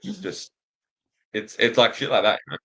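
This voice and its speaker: A man's voice: mid-range voice, big pitch swings, normal speed, vocal fry, fairly bright tone, slightly rough, low-quality recording. A young Australian man cohosting a betting show, talking in an easygoing, hesitant way with lots of fillers. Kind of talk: casual betting chat.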